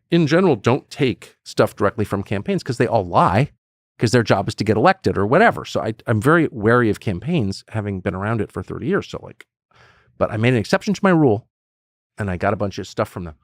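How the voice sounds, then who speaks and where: Emphatic middle-aged man, gravelly voice. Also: medium pitch, sing-song, quick pace, no room sound, clean studio sound. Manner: emphatic, acts out quoted voices; blunt, swears. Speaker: political commentator. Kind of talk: animated podcast conversation.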